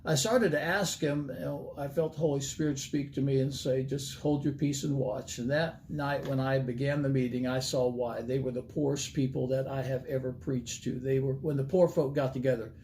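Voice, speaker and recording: A man's voice: mid-range voice, steady tone, moderate pace, few pauses, darkish tone, slight background noise. An older man, an evangelist, telling a folksy story in a sermon and acting out the dialogue with animation.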